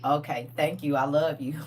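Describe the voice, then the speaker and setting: A woman's voice: deep voice, unhurried, far from the mic, a little hiss or hum. A middle-aged woman hosting a live stream, chatting casually and laughing a lot. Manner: animated, laughing, exclaiming. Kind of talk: casual chat.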